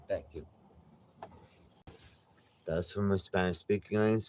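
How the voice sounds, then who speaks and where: A man's voice: low voice, fairly even intonation, a little slow, long pauses. A man chatting casually while cooking in an RV, rambling and joking in an offhand way. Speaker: vlogger. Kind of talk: casual cooking vlog chat. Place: RV kitchen. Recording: noisy background hum.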